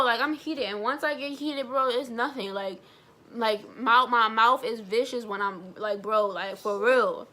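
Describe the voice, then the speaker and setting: A young woman vlogger telling a personal story in a blunt, animated way, swearing freely. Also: fairly high pitch, measured pace. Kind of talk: storytime vlog.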